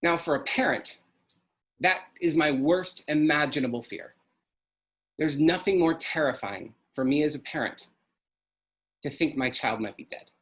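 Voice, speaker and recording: A middle-aged man tells a personal story in an earnest, emotional way. His voice sits a little high for a man. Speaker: speaker.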